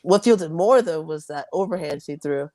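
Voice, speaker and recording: Young woman guest, chatty and laughing, lower pitch with lively swings, dry sound. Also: brisk, dry recording. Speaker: MMA fighter, guest. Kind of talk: casual interview.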